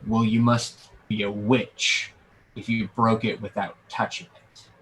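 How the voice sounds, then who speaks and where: Angry male vendor, shouting accusations, played by a man. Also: lowish voice, level tone, a little slow, a little hiss or hum, low-quality recording. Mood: accusing.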